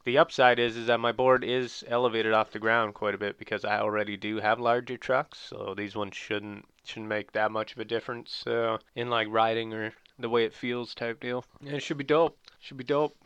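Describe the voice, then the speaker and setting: Bright, clear-voiced young man rambling. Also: on the low side, little pitch movement, normal speed, hardly any pauses, dry recording, lo-fi sound. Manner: rambling, profane storytelling, loud bursts when amused. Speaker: podcast host. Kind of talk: casual chat.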